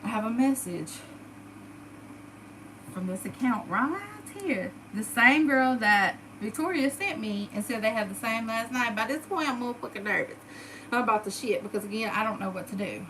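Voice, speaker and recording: A woman in her thirties telling a personal story in a casual, animated and profane way. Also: fairly high pitch, moderate pace, slight background noise, poor audio. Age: 30s. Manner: animated, profane, dramatic retelling. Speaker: storyteller vlogger.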